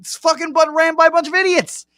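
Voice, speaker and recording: A man's voice: extremely high pitch, little pitch movement, quick pace, sharp tone, dry recording, studio quality. A man hosting a sports betting show, ranting angrily and swearing heavily in casual talk. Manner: angry profane rant. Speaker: host.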